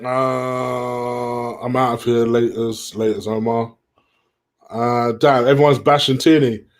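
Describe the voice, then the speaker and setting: A man's voice: medium pitch, little pitch movement, slow. A man hosting a casual live stream, reading viewers' questions aloud and answering them in a chatty way.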